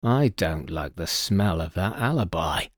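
Man voicing a sharp-tongued jealous guest, accusing, lively pitch, dry. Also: a little slow, dry recording, heavily acted. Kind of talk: audiobook character voice.

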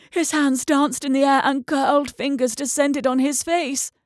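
A woman narrating a first-person horror story dramatically, at times dropping into hushed whispers. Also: sits high, dry recording, clean studio sound.

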